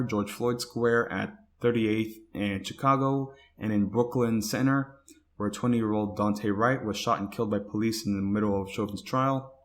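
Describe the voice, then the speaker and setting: A man hosting a talk podcast, reading news reports aloud and stumbling over words, with casual asides. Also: on the low side. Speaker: podcast host.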